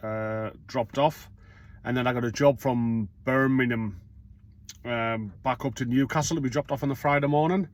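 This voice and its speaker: A man's voice: mid-range voice, fairly even intonation, normal speed. A middle-aged man, a self-employed courier talking casually in a rambling vlog monologue, blunt and swearing freely.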